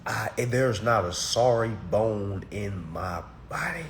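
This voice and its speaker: A man, giving a blunt, preachy talk to his course students that swings between loud and muttered. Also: lowish voice, expressive, slow pace, a little hiss or hum. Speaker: course teacher. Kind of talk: blunt motivational rant.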